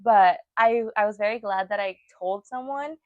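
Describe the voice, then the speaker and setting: This young woman co-hosting a podcast speaks at a normal speed with a medium-pitched voice, telling stories animatedly and performing everyone's lines. There's no room sound, and the recording is muffled.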